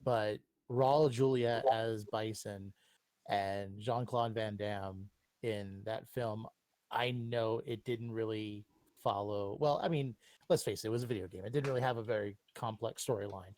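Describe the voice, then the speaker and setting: A man's voice: lowish voice, fairly even intonation, measured pace, darkish tone, no room sound. A man who is a guest reviewer, talking earnestly and casually about films he loves. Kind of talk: casual chat.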